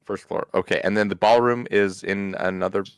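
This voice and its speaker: Low-voiced man, rambling game player. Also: steady tone, brisk, clean tone, no room sound. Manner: rambling, full of "like". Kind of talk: tabletop game banter.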